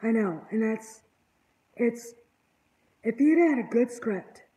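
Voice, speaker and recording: A woman's voice: on the high side, animated, slow pace, warm tone, poor audio. A woman hosting an online channel, rambling in casual panel chat with an exasperated, indignant tone.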